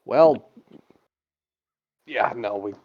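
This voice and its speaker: A man's voice: mid-range voice, very slow, slightly rough. A man playing his character in a tabletop role-play game, blunt and exasperated. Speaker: player. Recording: dull lo-fi stream audio.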